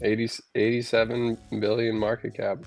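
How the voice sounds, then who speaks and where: A man joining a casual chat, talking in a relaxed, offhand way. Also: lowish voice, normal speed, creaky, faint music behind.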